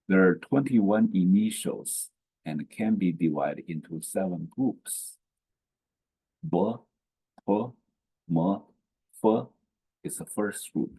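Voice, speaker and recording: A man teaching pronunciation slowly, saying each syllable and then repeating it. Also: sits low, vocal fry, warm tone, slightly rough. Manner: slow and deliberate, repeats each syllable twice. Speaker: language teacher. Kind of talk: slow pronunciation lesson.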